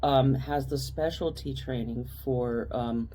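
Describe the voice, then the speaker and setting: A woman's voice: a bass voice, fairly even intonation, slow, dark tone, a little hiss or hum. A woman co-hosting a podcast, telling a personal story in casual chat and rambling with restarts and asides. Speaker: podcast co-host.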